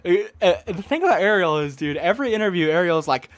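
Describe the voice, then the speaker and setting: A young man in his twenties casually recapping a fight event for a stream, excitable and mocking, stumbling over restarts as he talks. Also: high-pitched, fast talker, hardly any pauses, no room sound. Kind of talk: casual rambling commentary.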